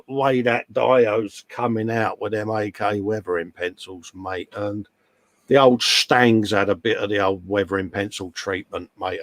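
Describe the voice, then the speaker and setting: A lowish-voiced man co-hosts a live model-building stream, casually chatting and joking as he reads viewer comments aloud with plenty of banter. There's no echo in the recording.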